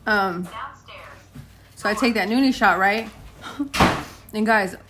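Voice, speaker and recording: A woman in her late thirties talks casually to her viewers from home, with a bright, forward voice that sits in a middle pitch. She tells her stories in a chatty way and acts out both sides of arguments. There is a faint hiss of background noise behind her. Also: slow. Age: late 30s. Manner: chatty storytelling, addresses viewers as guys, acts out quotes. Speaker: vlogger. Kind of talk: casual chat to camera.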